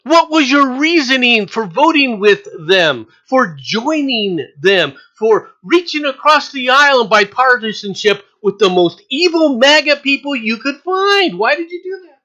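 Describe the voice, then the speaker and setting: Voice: high voice, sing-song, a little slow, hardly any pauses, bright, forceful tone, dull audio. A political commentator ranting in a sarcastic, mocking way, hammering points home with repetition and scornful laughter. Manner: emphatic, repeats points over and over.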